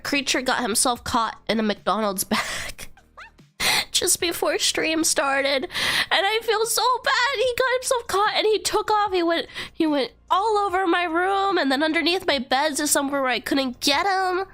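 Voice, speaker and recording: A woman streamer, hoarse from being sick, chatting casually and giggling, squealing greetings to her viewers from her bedroom. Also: very high-pitched, expressive, unhurried, a bit bright, soft background music. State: hoarse from illness. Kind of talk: casual live-stream chat.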